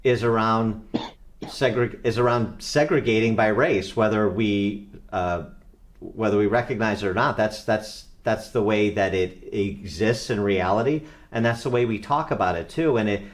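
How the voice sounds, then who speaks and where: A man's voice: fairly low pitch, normal speed. A man hosting a podcast, asking questions in a conversational way and searching for his words as he goes. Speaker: podcast host. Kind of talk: interview questioning.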